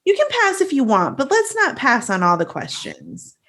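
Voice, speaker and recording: A woman's voice: high voice, wildly swooping pitch, normal speed, bright, forceful tone. A young woman co-hosting a casual podcast, explaining the segment and steering the talk. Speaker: podcast co-host.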